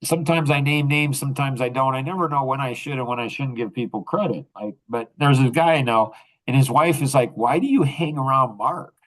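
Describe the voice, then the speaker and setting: A man's voice: medium pitch, fairly quick, poor audio. An older man hosting a podcast, talking in a rambling, casual monologue full of restarts and laughter. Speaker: podcast host.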